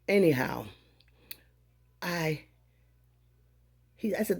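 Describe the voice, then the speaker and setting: A woman in her fifties telling a story in a casual vlog, animated and acting out the dialogue of the people in it. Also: sits low, measured pace, vocal fry, husky. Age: 50s. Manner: animated, acts out dialogue in voices. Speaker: vlogger.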